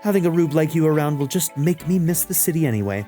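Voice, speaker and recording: A man's voice: on the high side, lively intonation, fast talker, warm tone, soft background music, lightly acted. A man voicing a vain, pompous elegant woman from the city in a video game let's play, speaking haughty and grandiose.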